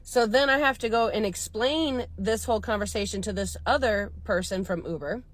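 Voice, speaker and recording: A woman's voice: medium pitch, moderate pace. A woman in her thirties, a rideshare driver casually telling a story and acting out the people she quotes.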